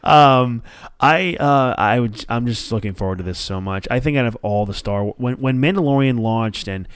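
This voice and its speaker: A man's voice: mid-range voice, normal speed, clear, resonant tone, no room sound. A man hosting a podcast in casual chat. He tells stories with energy, swears freely, and acts out quotes from the people he talks about. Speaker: podcast host.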